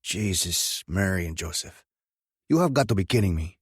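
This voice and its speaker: A man voicing a gruff adult male biker who talks in a blunt, growling, threatening way in an audiobook. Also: low voice, lively intonation, moderate pace, dry recording, clean studio sound. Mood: furious.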